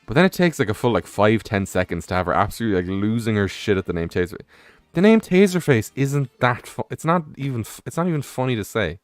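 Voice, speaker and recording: A man's voice: on the low side, animated, fast talker, no echo, clean studio sound. A young man streaming a game, rambling casually with many fillers and curse words. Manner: rambling, heavy on fillers, profane. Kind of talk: casual rambling commentary while gaming.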